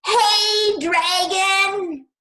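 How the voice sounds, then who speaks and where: A woman voicing a clever, brave young princess who speaks brightly and boldly. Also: fairly high pitch, slow, voice pushed up. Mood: shouting. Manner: bright, excited and bold.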